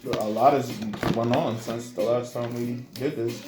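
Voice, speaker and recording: A man's voice: medium pitch, steady tone, a little slow. A man co-hosting a casual mukbang, chiming in with short, laid-back comments. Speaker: mukbang co-host. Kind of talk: casual chat while eating. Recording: roomy echo with loud music.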